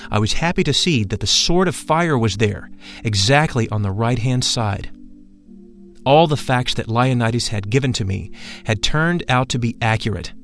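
A man reading a spiritual first-person memoir aloud in a measured, solemn manner. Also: mid-range voice. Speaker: narrator.

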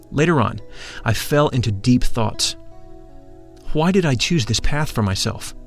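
A man reads a mystical text in slow, reverent, solemn narration. His voice sits at an ordinary middle pitch. Faint music plays underneath.

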